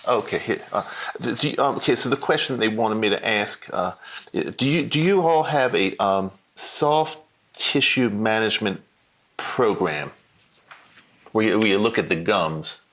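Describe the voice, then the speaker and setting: A man's voice: lowish voice, unhurried, fairly bright tone, voice pushed down. A man voicing a hesitant older caller with a put-on Southern-sounding drawl, stammering and repeating himself on a mystery-shopper phone call. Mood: fumbling.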